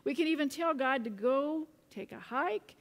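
A woman pastor preaching a sermon, telling a story in a relaxed way with light chuckles. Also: high voice, normal speed. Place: church. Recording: reverberant church sanctuary.

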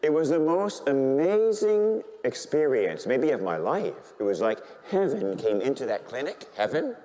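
A man's voice: medium pitch, sing-song, measured pace, warm tone, slight background noise. A male Catholic priest preaching a sermon, telling his story animatedly and bantering with the congregation. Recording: long hall reverb.

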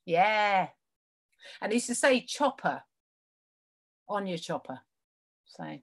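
A woman's voice: medium pitch, big pitch swings, slow pace. A woman co-hosting an online charity quiz over a video call, dry and bickering in casual comic banter. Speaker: quiz co-host.

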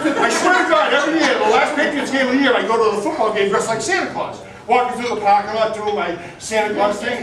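A man's voice: very high voice, quick pace, hardly any pauses, a little hiss or hum. A male stand-up comedian working a comedy club crowd, brash and profane. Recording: roomy club, distant mic, loud crowd.

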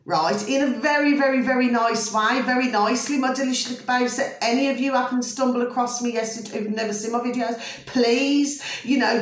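A woman talking casually to her followers, rambling and repetitive, exasperated but affectionate, often asking if they follow her. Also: on the high side. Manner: rambling, repetitive, keeps checking listeners follow. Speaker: vlogger. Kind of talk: casual ranting monologue. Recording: echoey room.

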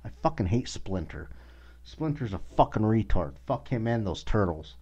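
A man with a very low voice hosts a podcast and rants with anger, cursing in nearly every line. The audio sounds dull and lo-fi. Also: sing-song, a little slow, a little mellow, slightly rough. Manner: angry, swears constantly. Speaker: podcast host. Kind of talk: casual profane rant.

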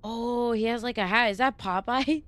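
Recorded dry, a young adult woman with a slightly high, somewhat bright voice livestreams a horror game at a normal speed. She's quick to get spooked and swears a lot, yet chats with viewers and thanks them whenever the scares ease up.

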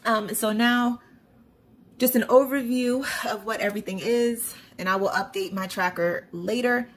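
A woman's voice: on the high side, steady tone, unhurried, slight background noise. A woman vlogger casually walking through her paycheck budget, reading account balances aloud in a chatty, self-deprecating way. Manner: chatty, reads figures off a screen, self-deprecating. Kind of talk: casual budget walkthrough to camera.

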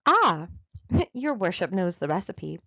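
A woman's voice: mid-range voice, lively intonation, a little slow, gravelly, a little mellow, dry recording, lo-fi sound. A woman reading aloud, voicing a sly, cackling old witch who poses as pious. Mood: gleeful.

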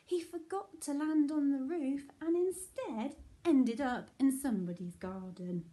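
A woman teacher reading a bedtime picture book to her class in a gentle, soothing way. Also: a little high, big pitch swings, takes it slowly, few pauses. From England.

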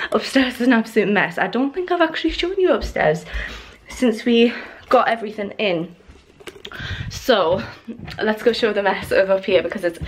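A young woman in her twenties records a casual vlog as she moves around her half-unpacked house. She talks in a mid-pitched voice and rambles, filling pauses with "like" and small restarts. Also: slight background noise. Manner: chatty and rambling, many "like" fillers. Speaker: lifestyle vlogger. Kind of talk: casual vlog chat to camera. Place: indoors in a newly moved-into house.

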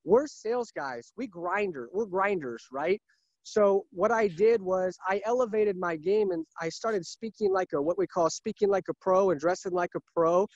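Car sales guy talking shop, kinda high voice, dry dull sound. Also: normal speed, dry recording. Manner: earnest, repetitive, emphatic. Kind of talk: casual interview talk.

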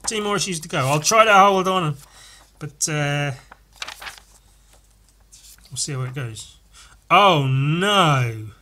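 Bright-voiced, foul-mouthed man gushing over comics. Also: on the high side, expressive, measured pace, long pauses, a little hiss or hum. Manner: profane, rambling, enthusiastic. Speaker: podcast host reviewing comics. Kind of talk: casual chat.

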